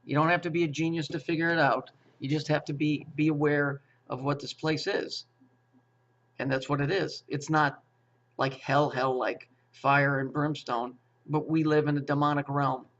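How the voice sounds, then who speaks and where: A conspiracy commentator rants in a rambling monologue, profane and repetitive, stammering through restarts and throwing out rhetorical questions. His voice sits a little high and fairly bright, with flat delivery at normal speed. The audio is muffled and lo-fi.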